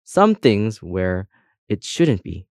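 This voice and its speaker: A man's voice: fairly low pitch, very animated, takes it slowly, a little mellow, no echo, studio quality, heavily acted. A man voicing a menacing, curt male pair of scissors who speaks in clipped, threatening lines.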